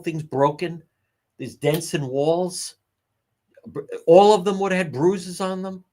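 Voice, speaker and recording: A middle-aged man hosting a casual livestream, answering chat comments in a sarcastic, wry way and chuckling now and then. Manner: sarcastic, wry, chuckling, animated swings in pitch. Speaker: livestream host.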